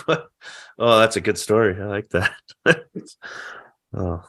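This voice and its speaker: A man's voice: fairly low pitch, animated, slow, a bit bright. A man hosting a podcast, reacting to a guest's story with short remarks and easy laughter. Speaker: podcast host. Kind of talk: casual chat.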